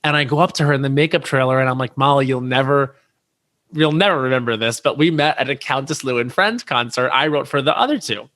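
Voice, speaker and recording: A man in his thirties telling a story as a podcast guest, animated, jumping up high in pitch whenever he quotes someone. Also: fast. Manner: animated, swoops high when quoting people.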